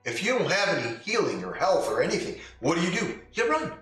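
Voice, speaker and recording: Blunt, forceful man in an echoey room. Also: high-pitched, big pitch swings, brisk. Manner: blunt, emphatic rhetorical questions. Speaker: podcast host and dungeon master. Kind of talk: casual opinion monologue. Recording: very echoey room, distant mic, faint music.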